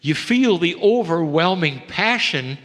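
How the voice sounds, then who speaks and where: A man delivering a channeled spiritual message in soft, measured phrases that often sink to near-hushed tones, calling listeners dear ones. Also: sits high, expressive. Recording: long reverb of a live hall.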